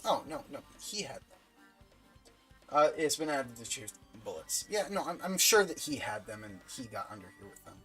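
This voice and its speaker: Animated woman reading a game aloud. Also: low voice, moderate pace, poor audio. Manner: animated, laughs often, thinks aloud. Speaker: streamer playing a story game. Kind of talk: casual game stream, reading game text aloud. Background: faint game music.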